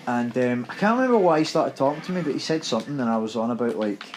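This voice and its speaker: A man's voice: medium pitch, expressive, fast talker, a little mellow, slight background noise, poor audio. A young Scottish man co-hosting a gaming podcast, telling a story in casual, laughing chat.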